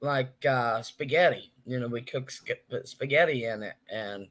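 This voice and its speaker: Chatty bright-voiced man hosting a live stream. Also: medium pitch, normal speed. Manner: chatty, greets viewers and reads chat comments aloud. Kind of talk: casual live-stream chat.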